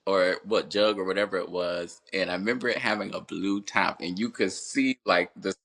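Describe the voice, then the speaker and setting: A man from Connecticut hosting a podcast, asking gentle questions in a casual, easygoing interview. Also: low voice, fairly even intonation, moderate pace. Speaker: podcast host.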